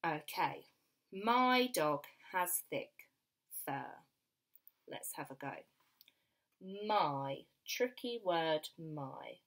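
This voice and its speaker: Woman, primary teacher, phonics lesson, unhurried, lower pitch, sounds out each letter. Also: expressive, fairly bright tone. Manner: slow, clear sounding-out of letters. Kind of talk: phonics lesson for young children.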